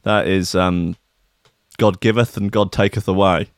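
A man's voice: deep voice, fairly even intonation, a little slow, no echo, studio quality. A man hosting a comedic news commentary, reading stories aloud with sarcastic, crude, rambling asides. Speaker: host.

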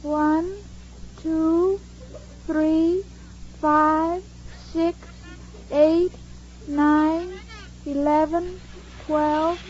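A woman's voice: high voice, steady tone, very slow, pauses often, a little mellow, lo-fi sound. A ditzy young radio-comedy woman. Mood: dreamy. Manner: dreamy, naive, literal-minded. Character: ditzy sweet young woman, innocently confused. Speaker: comic lead. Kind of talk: 1940s radio sitcom acting. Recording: 1940s radio broadcast, studio audience, hiss.

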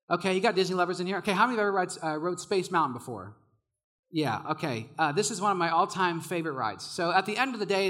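High, bright-voiced young male preacher. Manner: energetic storytelling, laughs often, shouts when excited. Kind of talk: sermon.

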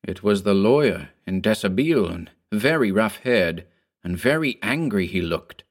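A man reading a ghost story aloud in a measured, grave manner. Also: on the low side, lively intonation. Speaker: narrator. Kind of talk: scripted ghost story narration.

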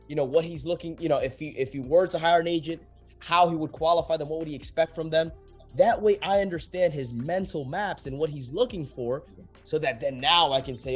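A young man, a real estate agent, talking casually and acting out both sides of sales calls, swearing freely. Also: on the high side. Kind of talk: casual podcast talk, explaining sales calls.

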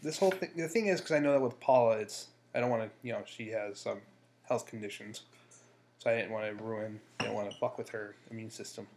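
A man co-hosting a casual podcast, bantering fast with jokes and swearing. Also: fairly low pitch, a little mellow, slight background noise. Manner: fast joking banter with profanity. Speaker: podcast co-host.

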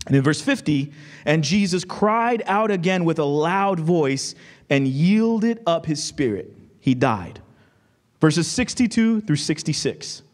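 A man's voice: fairly high pitch, expressive. A man preaching a sermon, reading scripture and explaining it conversationally, checking in with the congregation. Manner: reads scripture quickly, slows down for emphasis. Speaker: pastor.

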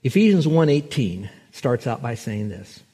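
A man pastor preaching a sermon, telling a story and slowing down to stress scripture. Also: medium pitch, sing-song, mellow, husky. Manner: storytelling, slows and swells for emphasis on scripture.

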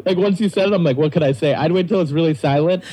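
A young male comic tells stories in a loose, animated way and laughs through them. His voice sounds dark and a little husky. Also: fairly high pitch, fast, rough recording. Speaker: comedian guest. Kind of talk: casual storytelling chat.

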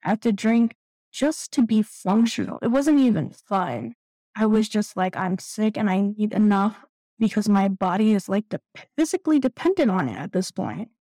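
Woman, 30s, raw personal testimony; mellow, slightly high voice, on the verge of tears, dry recording. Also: expressive, no echo, poor audio. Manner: candid, halting, tearful at times. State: close to tears. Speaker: guest sharing recovery story.

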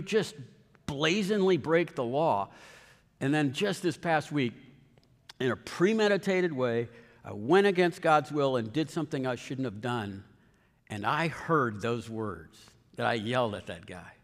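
A man's voice: on the high side, moderate pace. Earnest preaching man, echoing hall. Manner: earnest, animated storytelling with quoted voices. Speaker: pastor. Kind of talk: sermon. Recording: long hall reverb.

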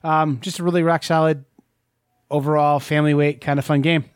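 A man talks casually as co-host, wandering through his thoughts with fillers and restarts. His voice sits a little high, and the sound is dry and close. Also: flat delivery, fairly quick, clean tone, no echo. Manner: rambling, many fillers and restarts. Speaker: podcast co-host. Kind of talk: casual chat.

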